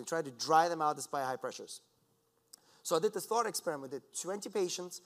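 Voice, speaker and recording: A man giving a scientific conference talk, lecturing in a lively, conversational way with asides to the audience. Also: a little high, quick pace. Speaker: conference speaker. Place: lecture hall.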